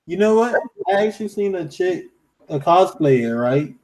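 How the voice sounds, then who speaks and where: Mellow guy on a podcast telling a story, kinda high voice. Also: animated, normal speed, low-quality recording. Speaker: podcast co-host. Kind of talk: casual chat.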